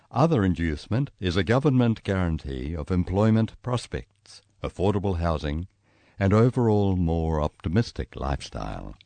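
A man with a New Zealand accent reading his travel memoir aloud, storytelling in a lively way. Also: no echo. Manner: lively storytelling, voicing quoted people with raised pitch. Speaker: memoir reader.

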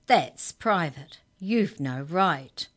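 A woman's voice: low voice, normal speed, a little mellow. A woman voicing a stubborn, feisty girl in a children's storybook, defiant and unbending.

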